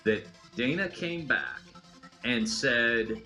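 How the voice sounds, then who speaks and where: A man's voice: medium pitch, sing-song, takes it slowly, sharp tone, faint music behind. A man commenting in a podcast discussion, building up to a point.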